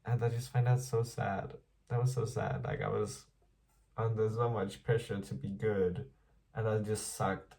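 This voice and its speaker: Gravelly low-voiced young man rambling. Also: little pitch movement, a little slow, darkish tone, far from the mic. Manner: chatty, rambling, self-deprecating, swears playfully. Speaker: vlogger. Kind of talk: casual diary vlog while doing makeup.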